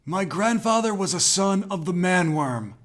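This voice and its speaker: Cowering, sobbing captive in an audiobook, pitched far up. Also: male voice, lively intonation, a little slow, a bit bright. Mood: pleading. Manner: sobbing, pleading, high and strained. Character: terrified whimpering captive man.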